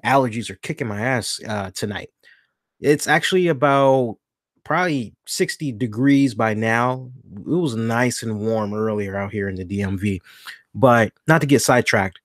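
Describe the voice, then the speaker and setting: A man's voice: mid-range voice, moderate pace, dry recording. Rambling male wrestling podcast host, dry sound. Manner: rambling, self-correcting, thinks aloud. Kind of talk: casual solo wrestling podcast talk.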